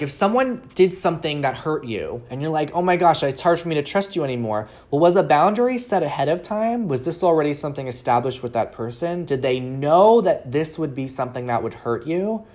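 A woman with a low, grounded voice talks through relationship advice on her own show. She coaches earnestly, often pausing to ask the listener rhetorical questions. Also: darkish tone. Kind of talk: solo advice talk.

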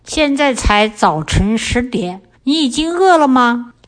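A middle-aged woman, a guest on a language lesson, reading example sentences in a calm, measured way. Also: on the high side. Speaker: guest, the host's mother.

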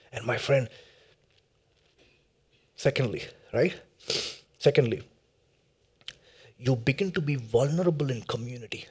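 A man preaching a sermon as pastor, impassioned, repeating his phrases and dropping to a hushed tone for prayer. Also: medium pitch, slightly rough.

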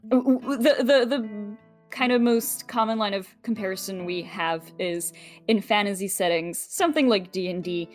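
A woman player talking through her character's world in a loose, casual way, with many pauses and fillers. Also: medium pitch, faint music behind. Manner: thinks aloud with many fillers.

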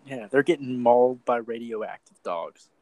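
Podcast host, young man, relaxed, mid-pitched voice, casual swearing. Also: no room sound, rough recording. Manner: laid-back, swears casually, quick reactive interjections. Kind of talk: casual chat.

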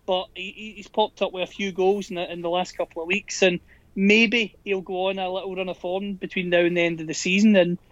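A man with a high voice co-hosts a football podcast. He gives candid, measured analysis with frequent restarts, and his mic volume drifts up and down. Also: flat delivery, no echo, dull audio. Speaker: podcast co-host. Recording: volume going up and down.

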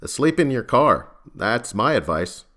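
A man's voice: mid-range voice, very animated, takes it slowly, a bit bright. A man doing a terse, tired federal agent.

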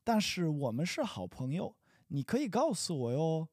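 A man's voice: on the high side, sing-song, normal speed, darkish tone, no room sound, clean studio sound, pitched above the performer's own voice. A man reading the part of a nosy young man in a practice dialogue, asking eager, pushy questions.

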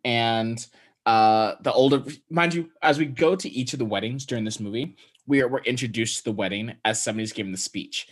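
A man's voice: medium pitch, brisk. A young man co-hosting a podcast, recapping a movie in loose, profane casual chat and acting out the characters' lines. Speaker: podcast co-host.

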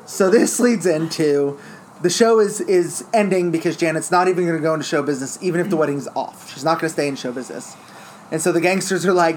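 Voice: mid-range voice, fast talker, a little mellow, a little hiss or hum. Speaker casually retelling a plot. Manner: storytelling, acts out lines in quoted voices.

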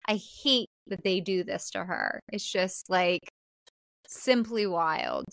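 A woman co-hosting a podcast, casually recapping a film in an animated way, full of "like" and casual swearing. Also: on the low side, takes it slowly, creaky, dry recording. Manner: animated, swearing, filler-heavy "like". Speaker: podcast co-host.

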